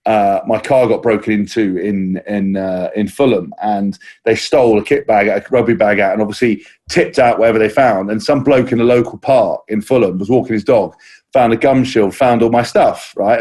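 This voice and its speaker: A man's voice: fairly low pitch, normal speed, darkish tone. Man telling rugby anecdotes. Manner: rambling anecdotes with many restarts and mimicked quotes. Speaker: podcast co-host, former rugby player. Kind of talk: casual storytelling chat.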